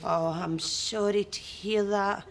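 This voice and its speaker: An actress playing a lonely, overfamiliar shopkeeper with a Scottish accent, in a comedy sketch. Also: female voice, medium pitch, fairly even intonation, slow pace, a little hiss or hum. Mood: pushy. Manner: overfamiliar, pushy, chatty. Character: lonely, clingy middle-aged woman shopkeeper.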